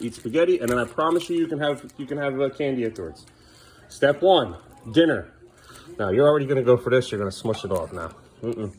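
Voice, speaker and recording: A man filming a casual home vlog, coaxing his kids along and talking to the camera. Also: medium pitch. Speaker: parent vlogger. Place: family home kitchen.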